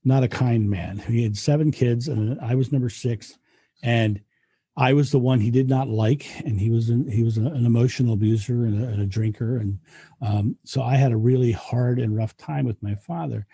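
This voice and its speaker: A man's voice: mid-range voice, moderate pace, dark tone, breathy edge, dry recording. A man, a guest speaker, talking earnestly in a reflective interview and often restarting his sentences. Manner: earnest, frequent restarts and repetitions.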